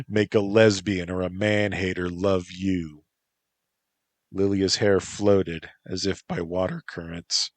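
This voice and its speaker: A man's voice: sits low, level tone, slow pace, dry recording. A man reading his own story aloud in an unpolished style, with occasional slips and self-corrections.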